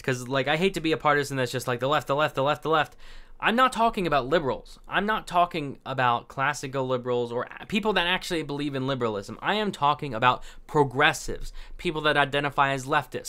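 A man's voice: medium pitch, pushed and bright, clean tone. A young man hosting casual political commentary, reacting to articles in a chatty, sarcastic way with lots of filler words.

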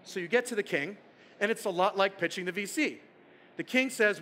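A man with a bright, high voice gives a storytelling keynote from a conference stage. He is playful and keeps checking in with the audience through rhetorical questions. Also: animated, a little fast. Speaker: conference speaker.

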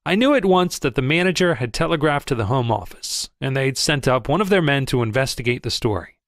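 A man reading a first-person audiobook in a lively storytelling manner, close to the mic. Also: mid-range voice, a little fast, no room sound. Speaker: audiobook narrator.

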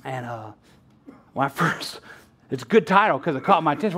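A man's voice: on the high side, animated, a little fast, bright, forceful tone, a little hiss or hum. A middle-aged male pastor preaching a sermon, laughing often and acting out bits of dialogue.

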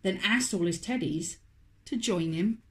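A woman, a children's author, reading a picture book aloud to toddlers in a slow, expressive, sing-song way. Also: medium pitch. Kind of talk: storybook read-aloud for toddlers.

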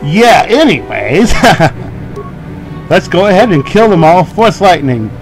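A man's voice: high-pitched, sing-song, slow pace, over music, low-quality recording. A man giving casual, joking commentary while playing a video game, often laughing at himself. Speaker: let's play host.

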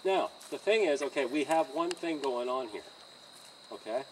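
A man's voice: medium pitch, lively intonation, normal speed, slight background noise. Man, horse trainer, outdoor coaching, encouraging, laughs often, distant mic, crickets behind.

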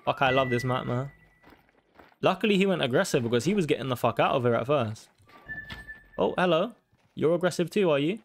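A young man giving casual, sweary commentary on a hunting game and taunting the animals loudly. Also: mid-range voice, animated, a little fast, long pauses, a little hiss or hum. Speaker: gaming YouTuber.

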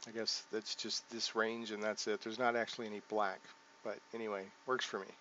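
A man with a lowish voice talks through a game's character setup in relaxed let's play commentary, thinking aloud, pausing on ums and correcting himself. The recording sounds dull and lo-fi, with a faint hiss underneath. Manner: thinks aloud while clicking through menus, frequent ums and self-corrections. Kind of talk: casual gameplay commentary.

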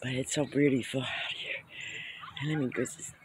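A man vlogging casually while hiking up a steep hill, excited and out of breath. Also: medium pitch, normal speed. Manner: excited, exclaiming often. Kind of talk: casual walking vlog. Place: outdoors on a steep hillside. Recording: outdoor wind and ambient noise. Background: birds and open-air noise.

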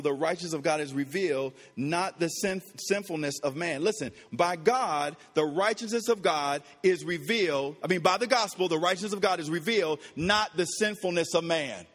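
A pastor preaching a sermon emphatically, repeating phrases and swinging from quiet low asides to shouted peaks. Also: male voice, moderate pace, long reverb tail. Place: church.

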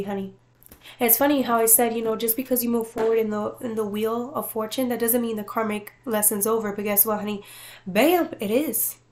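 A woman with a fairly high voice gives a casual tarot reading to her viewers. She talks in an animated, playful way, swearing freely and often laughing. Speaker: tarot reader.

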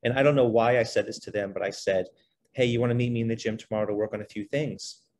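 A middle-aged man, a guest on a podcast, telling his life story in a relaxed, conversational way, filling his speech with "you know" and "like". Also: mid-range voice. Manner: animated, fast-flowing, many fillers like "you know" and "like". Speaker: podcast guest, basketball trainer.

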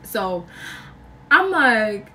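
A young woman vlogger telling a story in a casual, slangy, animated way, acting out other people's lines. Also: fairly high pitch, very slow, far from the mic. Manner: animated, slangy, acts out quotes with big jumps in voice.

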